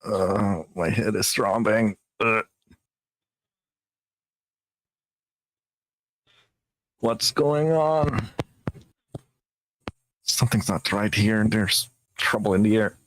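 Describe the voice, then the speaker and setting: A man's voice: on the low side, animated, slow pace, pauses often, no echo. A man, a stream host, voicing a bewildered young law student who stammers in panic. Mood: groggy.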